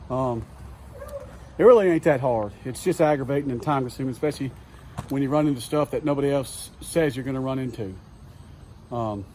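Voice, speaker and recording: A man's voice: fairly high pitch, a little mellow, slight background noise. A man with a Southern US accent talking casually and profanely as he vlogs a truck repair in his home garage, rambling and exasperated. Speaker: DIY truck vlogger. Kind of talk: casual workshop vlog rant.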